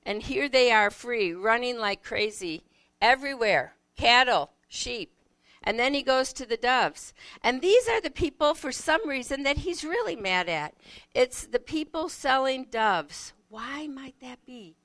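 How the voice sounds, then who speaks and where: A woman giving a reflective Bible teaching, unhurried and searching, often asking the listener questions. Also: a little high, lively intonation, fairly bright tone, dry recording.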